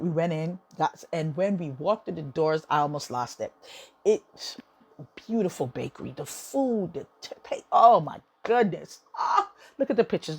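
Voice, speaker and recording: A woman hosts a podcast from her home office, her voice lowish with a darkish tone. Speaking in a casual monologue, she gets emotional, gushing and repeating words for emphasis.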